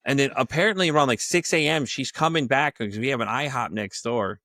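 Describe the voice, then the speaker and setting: His medium-pitched voice is gravelly and fairly quick, barely pausing, in echo-free studio-quality audio. As a podcast guest telling a wild story from work, he curses, laughs often and acts out the people in it with sudden voice jumps.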